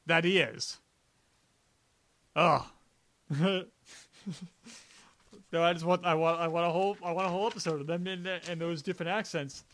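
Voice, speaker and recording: Male podcast co-host, high voice, rambling and jokey. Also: steady tone, moderate pace, long pauses, a bit bright. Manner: rambling, laughing, sarcastic, many "like"s. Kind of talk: casual chat.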